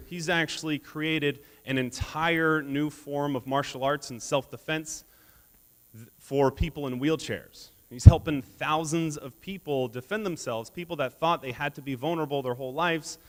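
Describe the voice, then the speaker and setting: On a conference hall stage with long, large-hall reverb, a male keynote speaker gives a motivational speech in a slightly high voice at a slightly slow pace. He tells humorous stories and laughs at his own jokes.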